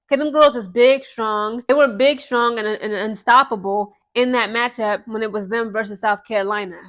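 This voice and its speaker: A young woman with a slightly high voice giving casual sports commentary to her followers. She talks in an animated, chatty way and keeps checking in with her audience as she goes. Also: moderate pace. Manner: chatty, animated, frequent "okay?" and "guys" asides.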